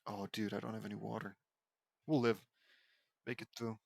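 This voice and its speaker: A man's voice: fairly low pitch, level tone, moderate pace, creaky, dry recording, studio quality. A young man reading fan fiction aloud and breaking off with sarcastic, bemused comments. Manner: sarcastic, riffing, stumbles and laughs at the text.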